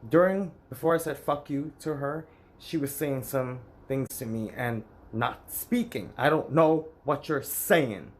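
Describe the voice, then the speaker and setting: A man's voice: mid-range voice, a little slow. A man candidly recounting a painful family story in an emotional, personal vlog. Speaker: vlogger.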